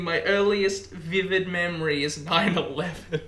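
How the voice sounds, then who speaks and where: A man's voice: medium pitch, normal speed, noisy background. A young man, a podcast guest chatting casually and animatedly, swearing and breaking into laughter. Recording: roomy echo.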